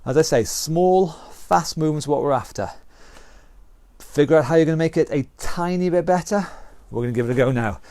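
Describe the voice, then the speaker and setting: British fitness instructor coaching a class. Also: male voice, on the high side, brisk, darkish tone, no echo. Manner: encouraging, counts down and calls out moves. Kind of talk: online exercise class instruction.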